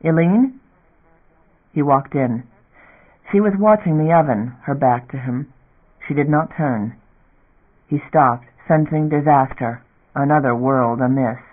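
A man reading a science fiction novel aloud in a measured narrator's voice. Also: medium pitch. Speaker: audiobook narrator. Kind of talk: scripted narration. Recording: tinny phone-like audio.

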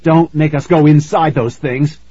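A man's voice: a little high, fairly even intonation, unhurried, breathy edge, no echo, voice pushed up. A man voicing a frightened young boy who insists and pleads, in a slightly muffled recording. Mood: scared insistent. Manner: shouting, insistent.

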